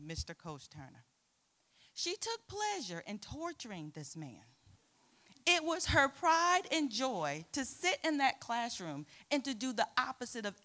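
A middle-aged woman preaching to a youth group, telling a personal story with lively acted-out quotes. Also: on the high side. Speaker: youth pastor.

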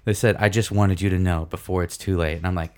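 A young man co-hosting a podcast, telling a story in a casual, profane, animated way. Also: low voice, fast talker. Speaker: podcast co-host.

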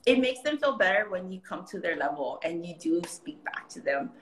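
Speaking at a normal pace in a fairly low voice, a young Hawaiian woman with a Hawaiian accent tells stories as a guest in a casual chat, full of laughter and playful pidgin voices. The background is noisy, and the room adds a noticeable echo.

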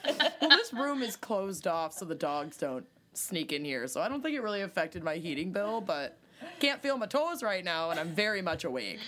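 Lively, self-mocking woman podcaster. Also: lowish voice, moderate pace, a little hiss or hum. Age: 30s. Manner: animated, self-mocking, laughs often. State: tired and loopy. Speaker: podcast co-host. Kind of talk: casual chat. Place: home room used as a studio.

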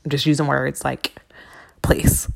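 A woman's voice: extremely low pitch, level tone, takes it slowly, gravelly. A woman hosting a podcast in a casual, rambling monologue, cursing freely as she encourages her listeners. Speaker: podcast host. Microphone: podcast microphone.

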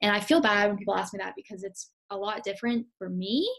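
A young woman with a mid-range voice talks openly as a podcast guest. Her speech is relaxed and candid, and she often starts sentences over. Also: medium pitch, fast talker, gravelly. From Canada. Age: young adult. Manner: relaxed, candid, with fillers and restarts. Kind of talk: casual interview.

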